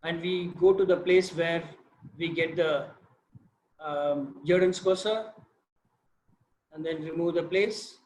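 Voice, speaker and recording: High-voiced Indian man on a video call. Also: takes it slowly, pauses often, a little hiss or hum. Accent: Indian English. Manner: animated storytelling, quizzes listeners. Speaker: field biologist sharing research. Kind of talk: informal talk on a video session. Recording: roomy echo.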